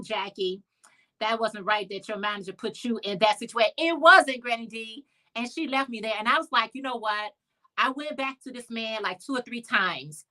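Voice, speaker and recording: Animated, bright-voiced woman telling a story. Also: fairly high pitch. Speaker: live stream host. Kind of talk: casual storytelling chat.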